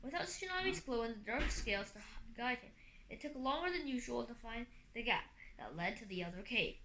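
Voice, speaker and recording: A woman's voice: fairly high pitch, animated, a little fast. A woman reading a fantasy novel aloud expressively, with occasional slips and restarts. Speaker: audiobook reader. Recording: echoey room, faint hum.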